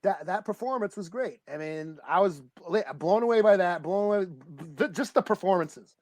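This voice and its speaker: A man co-hosting a podcast, chatting casually about a movie, rambling, excitable and swearing freely. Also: sits high, moderate pace, no echo, studio quality. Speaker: podcast co-host. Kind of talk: casual movie review chat.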